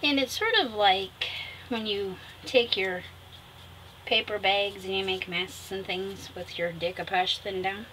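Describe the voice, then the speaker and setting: A woman's voice: mid-range voice, steady tone, a little slow, pushed and bright, poor audio. Chatty woman vlogging a craft project. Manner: chatty, talks fondly to viewers and laughs at herself. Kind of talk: casual craft tutorial chat. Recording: noticeable background noise.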